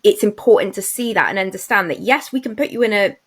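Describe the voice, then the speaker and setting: A woman's voice: mid-range voice, fast talker, a bit bright. Chatty woman podcast host. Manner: chatty and enthusiastic, with many fillers and restarts. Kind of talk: casual chat.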